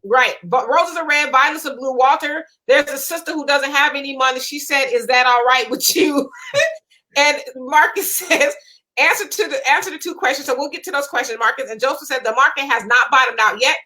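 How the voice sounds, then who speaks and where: A woman's voice: sits high, fairly quick, pushed and bright, rough recording. A woman hosting a casual chat, reading viewer comments aloud and steering the talk.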